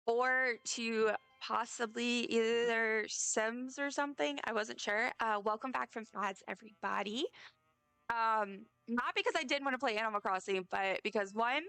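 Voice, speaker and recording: A tired woman streams a game and chats away, rambling and joking at her own expense. Her voice sits a little high and rings bright and smooth. Soft music plays underneath her. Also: unhurried, no echo. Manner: chatty, self-deprecating, rambling. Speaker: live streamer. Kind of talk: casual chat while playing a game.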